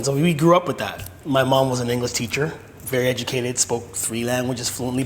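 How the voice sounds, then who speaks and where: Easygoing guy chatting in an interview, roomy echo, faint hum. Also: mid-range voice.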